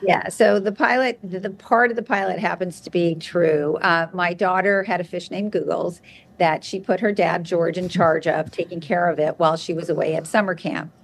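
A woman guest on an interview show, telling an anecdote in a lively, chatty way. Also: lowish voice, moderate pace, creaky. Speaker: guest, television producer. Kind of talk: interview storytelling.

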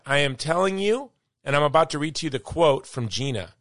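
A man's voice: on the high side, lively intonation, a little fast, pushed and bright, dry recording, clean studio sound. A male podcast host giving an opinionated monologue, emphatic and worked-up yet still upbeat.

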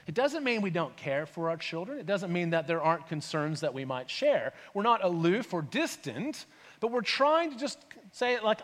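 A man preaches as pastor in a high, sing-song voice at moderate pace with a fairly bright tone, his words filling a big room. He talks conversationally, asks rhetorical questions, and acts out voices.

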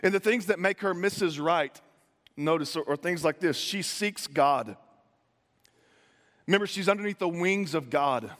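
Fields: Sex: man. Role: pastor. Style: animated conversational sermon. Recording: echoey hall. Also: a little high, normal speed, long pauses. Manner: animated storyteller, playful modern asides, stammered restarts. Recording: echoey hall with long reverb.

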